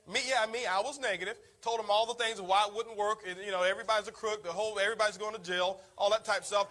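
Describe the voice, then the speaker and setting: A man giving an energetic motivational talk, telling his story and calling the audience "guys.". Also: high-pitched, very fast. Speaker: network marketing speaker.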